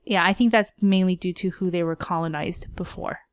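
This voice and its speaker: A woman's voice: fairly low pitch, fairly even intonation, a little fast, a little hiss or hum. An American woman who is a podcast guest, explaining her thoughts in a hedging, casual way.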